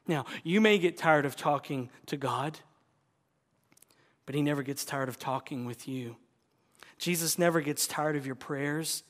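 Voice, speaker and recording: A man preaching a sermon to a congregation in a church. He swings from hushed, near-whispered lines to loud emphatic bursts, using repetitive rhetorical cadences and direct questions to the listeners. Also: a little high, lively intonation, unhurried. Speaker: pastor. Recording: long reverb of a large hall.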